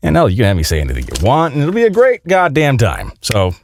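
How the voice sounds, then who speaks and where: Profane, rambling man pitching his channel. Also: huge pitch swings, quick pace, slight background noise. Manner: out of breath at the end. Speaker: channel host. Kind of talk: casual self-promotion rant.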